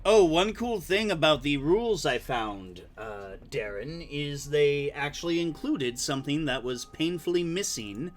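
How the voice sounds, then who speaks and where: Slow, lively-voiced man game master. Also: fairly high pitch. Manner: meandering, with many fillers. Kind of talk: tabletop game narration and player chat. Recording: faint music behind.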